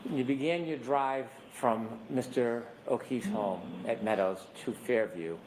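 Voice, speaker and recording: A man acting as prosecutor in a courtroom, asking measured, methodical questions. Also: mid-range voice, darkish tone, slight background noise, rough recording.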